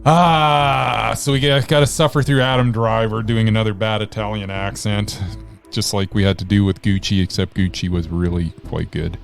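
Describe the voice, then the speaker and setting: A man's voice: fairly low pitch, flat delivery, moderate pace, creaky, soft background music. A man co-hosting a film review podcast, chatting casually and enthusiastically. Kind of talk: casual chat.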